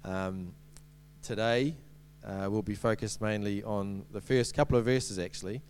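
A man's voice: fairly low pitch, fairly even intonation, unhurried, darkish tone, slight background noise. A man giving a sermon as a preacher, in a conversational way with many ums and restarts and light humorous asides.

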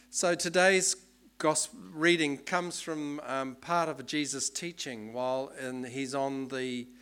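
A man giving a sermon in a relaxed, explanatory way, with many ums and restarts. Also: medium pitch. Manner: conversational, explanatory, with fillers. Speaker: preacher.

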